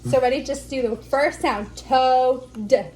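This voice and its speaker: A woman teaching as a speech therapy instructor, slowly over-enunciating the sounds she models. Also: high voice, slight background noise, low-quality recording. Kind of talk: instructional demonstration.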